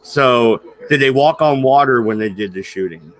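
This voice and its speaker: A man's voice: medium pitch, normal speed. A man hosting a casual stream, joking and laughing often while he chats with his co-hosts. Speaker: stream host. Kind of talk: casual banter chat.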